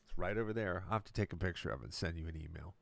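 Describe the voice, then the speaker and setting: A male musician and producer chatting casually on a live stream from his recording studio, relaxed and explanatory. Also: sits low, racing, vocal fry, no room sound.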